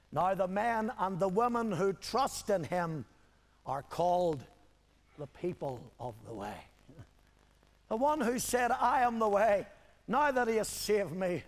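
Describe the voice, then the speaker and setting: An older man, preaching a sermon as pastor with emphatic, repeated rhetorical questions. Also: sits high. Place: church hall. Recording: hall echo on old video tape.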